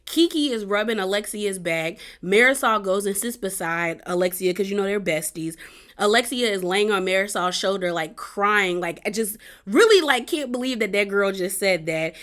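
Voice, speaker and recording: A woman chatting casually as she recaps a reality TV episode, full of "like" and quick asides. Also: mid-range voice, lively intonation, fairly bright tone. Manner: chatty, peppered with "like", acts out quotes.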